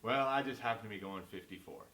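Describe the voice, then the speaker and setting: Fast-talking chatty Southern man. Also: on the low side, reverberant. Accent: Southern American. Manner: chatty, animated storyteller. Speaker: real estate agent, co-host. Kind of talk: casual storytelling chat.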